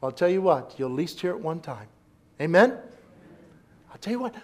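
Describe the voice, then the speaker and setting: A man delivers a sermon in a notably high voice. He preaches emphatically, climbing to forceful exclamations, then dropping to hushed asides. He keeps calling out for responses from his congregation. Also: sing-song, moderate pace, long pauses. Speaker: pastor.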